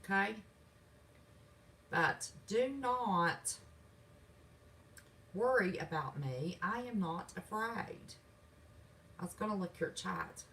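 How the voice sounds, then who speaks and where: Sassy Southern woman hosting a home livestream, folksy and defiant, pitch swings a lot. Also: lively intonation, slow, pauses often, a bit bright, recorded from a distance, slight background noise, low-quality recording. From West Virginia. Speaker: channel host. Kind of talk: livestream chat reading comments. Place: home, indoors.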